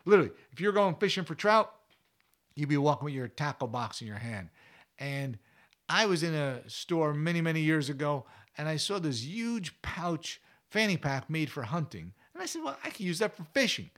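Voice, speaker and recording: A man's voice: fairly high pitch, lively intonation, moderate pace, fairly bright tone. A man hosting a fishing show, giving casual advice in a chatty, folksy way with anecdotes. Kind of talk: casual instructional talk.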